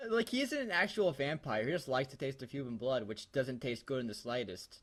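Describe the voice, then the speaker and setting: A young man reading a fan story aloud for laughs, giggly and animated. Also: medium pitch, brisk. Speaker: co-host.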